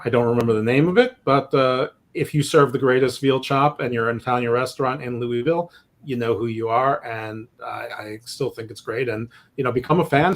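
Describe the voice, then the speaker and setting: A man co-hosting a casual sports podcast, rambling and joking, often stammering as he restarts his sentences. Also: mid-range voice. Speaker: podcast co-host.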